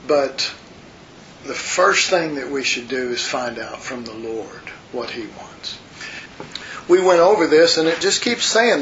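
A man's voice: medium pitch, animated, measured pace, a bit bright. A man teaching a Bible study in an earnest, rambling, conversational way, talking to his listeners as folks. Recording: muffled lo-fi recording with faint hiss.

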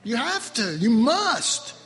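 High-voiced preacher in a reverberant church. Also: male voice, sing-song, slow, fairly bright tone. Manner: emphatic and repetitive, with laughing asides to the congregation. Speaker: pastor. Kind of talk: sermon. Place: church sanctuary. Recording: long hall reverb, faint room noise.

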